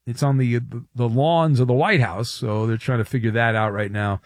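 A man's voice: mid-range voice, fairly even intonation, moderate pace, dry recording, clean studio sound. A man hosting a late-night sports talk radio show, wry and teasing, with rambling asides. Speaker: radio host. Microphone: studio microphone.

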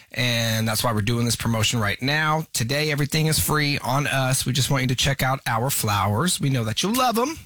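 A man's voice: medium pitch, a bit bright, no room sound. A man hosting a radio prank call, talking in a breezy salesman patter. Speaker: radio host. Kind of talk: prank phone call bit. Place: radio studio.

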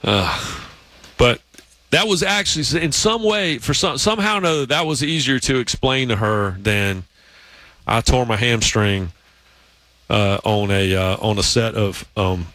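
A man's voice: medium pitch, measured pace, long pauses, a bit bright, dry recording. A man hosting a sports talk show, telling long stories in a casual, rambling way. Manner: storytelling, rambling with restarts. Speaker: podcast host.

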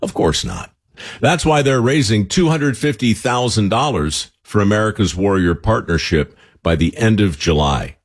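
A man reads a radio ad in a wry, chatty way. His voice is husky and a bit low, and his pitch moves around a lot. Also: lively intonation, normal speed. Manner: wry, conversational. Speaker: ad narrator. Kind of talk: read radio ad.

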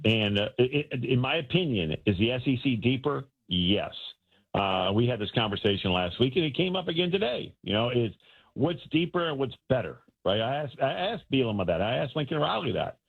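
Male sports-radio co-host on a call-in line, husky and animated, thin tinny phone sound. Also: mid-range voice, brisk. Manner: animated, colloquial, repeats words when excited. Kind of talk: casual sports talk.

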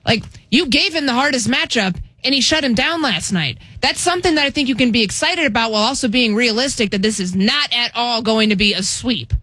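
Bright-voiced female panelist, dry close sound, confident and stat-heavy. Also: a little high, lively intonation, a little fast, hardly any pauses, dry recording. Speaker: sports talk panelist. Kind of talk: casual sports debate.

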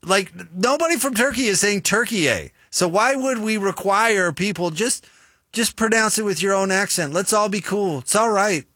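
A man's voice: sits high, normal speed, no echo, clean studio sound. A man with a Utah American accent, hosting a sports radio show in casual, chatty talk. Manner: chatty, self-deprecating, animated storyteller.

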